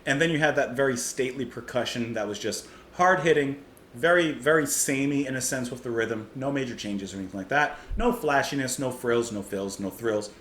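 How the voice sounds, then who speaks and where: A man's voice: medium pitch, a little fast, a bit bright. A man hosting a music reaction channel, musing aloud about a song in a chatty way and comparing it to food. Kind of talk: casual music review monologue. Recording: roomy echo, faint background hiss.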